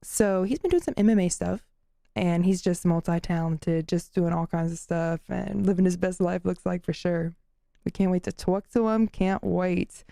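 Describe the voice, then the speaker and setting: A woman's voice: fairly low pitch, normal speed, vocal fry, dark tone, no echo, studio quality. A woman co-hosting a podcast in casual chat, bubbly and gushing, laughing often. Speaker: podcast co-host.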